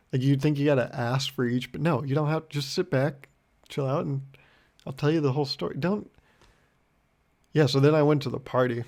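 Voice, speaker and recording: A young man hosting a solo podcast, telling rambling deadpan stories full of swearing and acting out both sides of a conversation. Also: medium pitch, fairly quick, pauses often. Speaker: podcast host. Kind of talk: solo comedic storytelling podcast.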